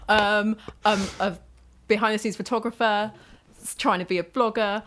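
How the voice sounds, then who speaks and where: A woman in her twenties from the Isle of Wight, chatting as a podcast guest. She is bashful and self-deprecating and giggles between points. Her pitch sits in the middle. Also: steady tone, a little slow, fairly bright tone. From Isle of Wight, England. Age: 20s. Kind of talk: casual chat.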